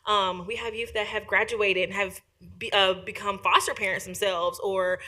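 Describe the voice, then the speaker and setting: A woman's voice: medium pitch, normal speed. A woman who works as a youth advocate, giving an emotional, emphatic public comment at a county meeting. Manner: warm, emotional and emphatic, with animated quoting. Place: county commission meeting room.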